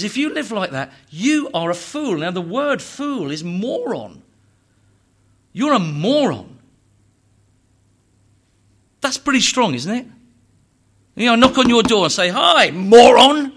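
A man preaching a sermon, emphatic and full of rhetorical questions and repetition, swinging between hushed and loud delivery. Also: high-pitched.

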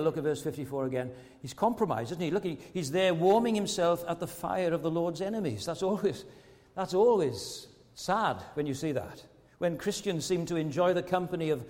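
A man's voice: on the high side, a little mellow, long reverb tail. A man preaching a sermon earnestly, asking rhetorical questions and often repeating words as he goes.

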